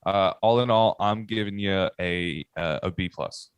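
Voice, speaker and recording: Male co-host, lowish voice, dry sound, relaxed jokey chat. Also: a little slow, clear, resonant tone, dry recording. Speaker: podcast co-host. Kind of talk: casual chat.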